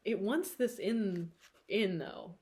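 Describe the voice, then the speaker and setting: A woman's voice: medium pitch, slow pace, darkish tone. A woman with a tired throat giving a casual tarot reading to camera, chatty and rambling with frequent laughter. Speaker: tarot reader.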